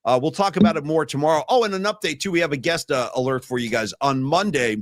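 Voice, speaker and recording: Animated, candid man talking sports. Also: on the high side, quick pace, no room sound, studio quality. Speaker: podcast co-host. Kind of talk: casual sports chat.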